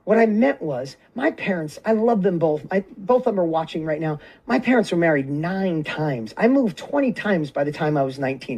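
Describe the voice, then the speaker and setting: A man's voice: a little high, animated, normal speed, few pauses, darkish tone. A middle-aged man giving an emotional, earnest motivational keynote talk, telling a personal story and often restarting his sentences. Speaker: summit speaker.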